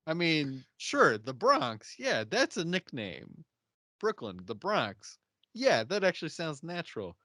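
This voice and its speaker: A man's voice: fairly high pitch, no echo, studio quality. A man co-hosting a podcast, casually recapping a TV episode in a rambling way with lots of fillers. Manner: animated, acts out characters' lines in quick put-on voices; rambling, many "you know" fillers. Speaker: podcast co-host.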